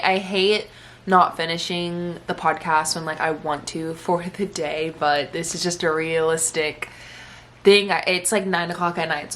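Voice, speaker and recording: This is casual day-in-my-life vlog talk from a young woman who vlogs and podcasts, recorded at home. She sounds chatty and emotional and says "like" a lot, in a fairly low-pitched voice with a fairly bright tone.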